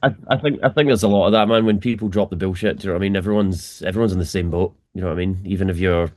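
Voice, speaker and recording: Deep-voiced Scottish man, laid-back. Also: very fast, darkish tone. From Scotland. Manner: laid-back, swears casually. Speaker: band drummer, guest. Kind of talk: casual interview chat.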